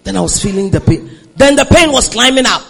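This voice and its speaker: A Nigerian woman preacher delivers her sermon with a very animated, wide-ranging voice. She sinks into quiet storytelling and then surges into shouted declarations. She urges the congregation to answer back. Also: fairly high pitch, a little fast, gravelly, rough recording. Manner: calls the congregation to respond. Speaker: preacher giving a testimony.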